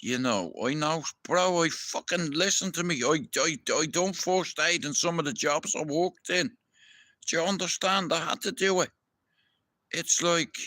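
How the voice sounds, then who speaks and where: A man's voice: fairly high pitch, sharp tone, no echo. A young Irish man ranting to his viewers in a heated, profane live-stream monologue. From Ireland.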